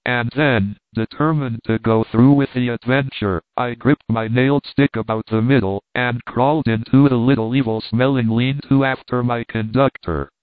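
A man reading a story aloud as scripted narration, in a steady, measured way. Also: medium pitch, no echo. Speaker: audiobook narrator. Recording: tinny phone-like dry recording.

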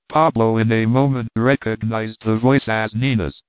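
A man narrating an audiobook chapter in a steady, measured way, with a tinny, phone-like sound. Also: fairly low pitch, clean tone, no echo. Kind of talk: audiobook reading.

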